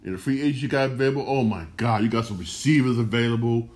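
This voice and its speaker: A man with a mid-range, slightly mellow voice talks quickly as the solo host of a sports podcast. He keeps it casual and slangy, restarting phrases and hammering his points home by repeating them.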